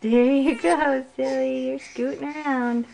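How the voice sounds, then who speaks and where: Woman, mother in a home video; high, bouncy baby-talk voice; slow and coaxing. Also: steady tone, gravelly, darkish tone, slight background noise. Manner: sing-song, coaxing, talking to a baby. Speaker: mother filming her baby.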